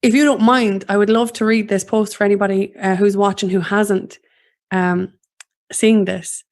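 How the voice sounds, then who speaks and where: Woman hosting in a flat, even voice. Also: medium pitch. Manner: slow, thoughtful, with many fillers. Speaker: host. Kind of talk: casual interview chat.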